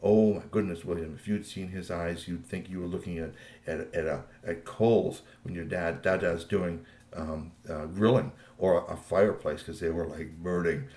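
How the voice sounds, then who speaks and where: A man improvising a bedtime story for his child, animated and meandering, in an echoey room. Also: sits low, moderate pace. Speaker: parent telling a bedtime story.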